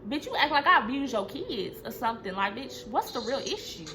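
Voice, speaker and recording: A young woman telling a storytime vlog in a blunt, profane, animated way. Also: high-pitched, brisk. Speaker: vlogger.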